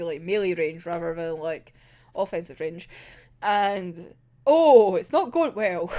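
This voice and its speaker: A woman giving an emotional, excitable casual recap of a manga volume, swearing and acting out characters' lines. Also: medium pitch. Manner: emotional, swearing, laughing and groaning over the story; acts out characters' lines in quick quoted asides. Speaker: manga reviewer.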